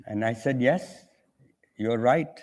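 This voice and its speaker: Older indian man on a panel, talks slow, acts out the other guy's lines while telling a story. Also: medium pitch, a little mellow. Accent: Indian English. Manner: acts out dialogue in an anecdote. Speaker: author and conference guest.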